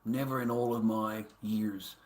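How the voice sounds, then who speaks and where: Full of profanity, this Australian livestreamer's rant is taunting and keeps circling back on itself. He speaks at a measured pace in a fairly low, darkish voice with fairly even intonation, in a room with noticeable echo.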